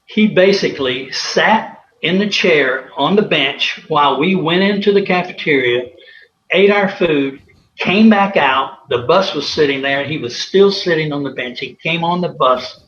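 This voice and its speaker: A man's voice: a little high, measured pace, a bit bright. A man, a former college athlete, telling anecdotes in a rambling way with many fillers and chuckles. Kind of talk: casual storytelling interview. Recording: roomy, slightly dull, faint hiss.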